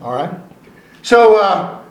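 High-voiced man preaching in an echoey church. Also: very animated, muffled recording. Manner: conversational preaching, slowing and rising for emphasis. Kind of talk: sermon. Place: church sanctuary. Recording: echoey room, voice from a distance.

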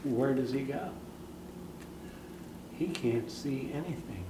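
A man preaching a sermon, telling a story dramatically and swinging between hushed and loud. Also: mid-range voice, slow, roomy sound, far from the mic, noisy background.

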